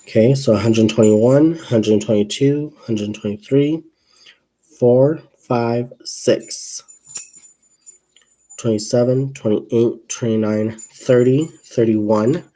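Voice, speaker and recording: A young man chats casually through a crochet livestream, rambling from topic to topic and answering viewer comments. His voice sits at an ordinary middle pitch. Every so often he drops into quiet counting as he works his stitches. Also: fairly even intonation, slow pace. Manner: rambling and chatty, reads viewer comments aloud, counts stitches under the breath.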